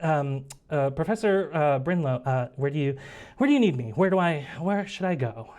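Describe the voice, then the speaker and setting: A man's voice: fairly high pitch, animated, normal speed, a little mellow, lightly acted. A man voicing a shy, bookish young woman student who stammers nervously.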